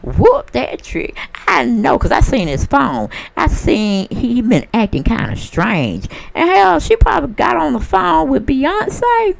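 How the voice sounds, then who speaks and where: A woman giving a casual celebrity gossip monologue, sassy and animated, acting out what other people might have said. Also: high-pitched, unhurried, gravelly, hardly any pauses. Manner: sassy, animated storyteller who acts out other people's voices.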